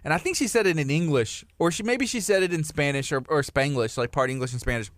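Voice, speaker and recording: A man's voice: fairly high pitch, fast talker, dry recording. A man in his thirties co-hosting a morning radio show, chatting casually and teasing his partner. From Texas. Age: 30s. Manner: teasing, chatty, rising to excited emphasis. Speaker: radio co-host. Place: radio studio.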